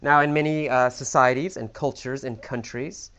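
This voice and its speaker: A man teaching English vocabulary, explaining words slowly and patiently with many examples and restatements. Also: medium pitch, steady tone, pushed and bright, clean tone. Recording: slightly dull lo-fi audio.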